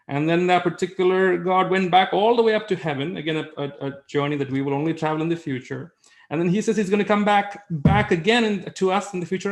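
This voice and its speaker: A man presenting a webinar in a conversational way, with fillers and rhetorical questions. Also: fairly high pitch.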